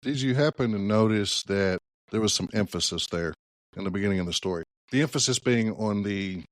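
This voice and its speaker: A man's voice: lowish voice, fairly quick, no room sound, clean studio sound. A man hosting a solo political podcast, talking conversationally and thinking aloud with hedges and restarts. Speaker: podcast host.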